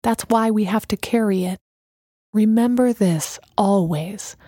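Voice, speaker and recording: A woman voicing a calm, mystical woman who speaks in a serene, knowing, unhurried way. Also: mid-range voice, dry recording, studio quality, lightly acted.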